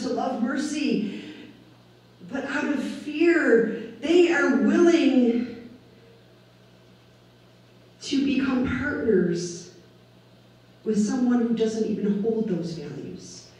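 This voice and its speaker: A woman pastor delivering a sermon, preaching deliberately with emphatic rises on key words. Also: sits high, a little mellow. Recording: echoey room, voice from far off the mic.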